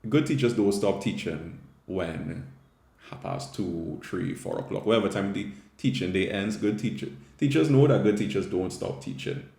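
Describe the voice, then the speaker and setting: A man's voice: deep voice, gravelly, warm tone, roomy sound. A man with a Caribbean English accent, a Catholic theologian and teacher, giving a conversational scripture reflection with frequent tag questions.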